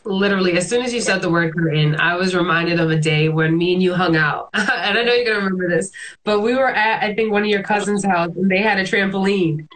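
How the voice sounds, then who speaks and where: A woman's voice: lowish voice, fast talker, fairly bright tone, low-quality recording. Upbeat woman hosting a casual chat. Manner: upbeat, casual, playful asides. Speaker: host.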